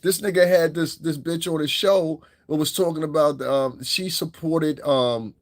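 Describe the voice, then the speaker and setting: A man's voice: a little high, steady tone, unhurried, dry recording. A man hosting his own podcast, talking in a blunt, profane, rambling commentary. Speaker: podcast host. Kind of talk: casual commentary monologue.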